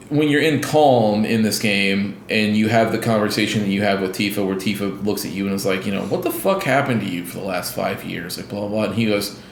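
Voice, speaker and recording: A man's voice: lowish voice, creaky, reverberant, a little hiss or hum. A man co-hosting a casual gaming podcast, rambling with lots of restarts and fillers and acting out scenes as he retells them. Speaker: podcast co-host.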